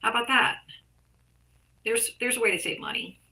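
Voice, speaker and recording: A woman's voice: a little high, moderate pace, gravelly, a crowd in the background, rough recording. A middle-aged woman talking in a casual interview, blunt, profane and heated as she argues her views. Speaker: artist and activist guest.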